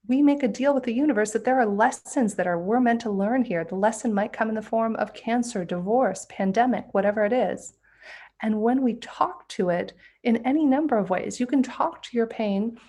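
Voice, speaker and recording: Earnest woman giving a spiritual talk. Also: medium pitch. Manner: earnest storytelling, gently persuasive. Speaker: spiritual speaker.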